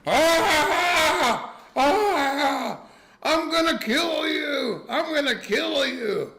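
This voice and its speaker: A man's voice: extremely high pitch, animated, drawn-out words, vocal fry, bright, forceful tone, reverberant, pitched above the performer's own voice, full character voice. A man voicing an enormous enraged male telemarketer who screams threats at the top of his lungs. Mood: raging.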